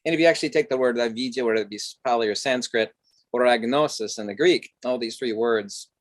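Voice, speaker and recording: A man's voice: medium pitch, quick pace, no room sound. A man speaking as a podcast guest, explaining ideas in a discursive, lecturing way with many fillers. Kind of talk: philosophical conversation.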